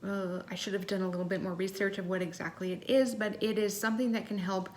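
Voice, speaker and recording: A woman co-hosting a podcast in a relaxed, chatty way. She fills her sentences with ums and often corrects herself mid-phrase, and her pitch sits in a middle range. A faint hum of noise sits under her voice. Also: fast talker. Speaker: podcast co-host. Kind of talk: casual podcast chat.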